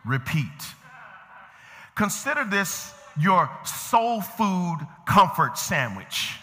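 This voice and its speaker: A male pastor preaching a sermon, moving from easy conversational talk to shouted emphasis and calling out to members of the congregation by name. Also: sits high, big pitch swings, drawn-out words. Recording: long reverb of a large hall.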